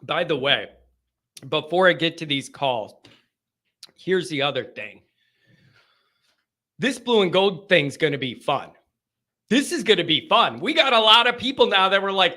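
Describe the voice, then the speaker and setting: High, bright-voiced call-in host. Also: male voice, animated, normal speed. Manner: rambling, laughing asides and self-interruptions. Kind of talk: casual live call-in chat.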